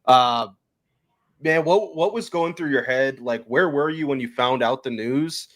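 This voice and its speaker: A man's voice: medium pitch, a little slow, fairly bright tone. A man hosting a hockey podcast, asking long, chatty questions full of fillers. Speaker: podcast host. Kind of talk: casual interview.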